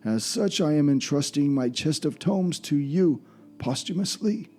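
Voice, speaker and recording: A man's voice: on the high side, expressive, measured pace, a little mellow, pitched above the performer's own voice. A man voicing a formal, grave old male scholar, reading out his will in a tabletop game. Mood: solemn.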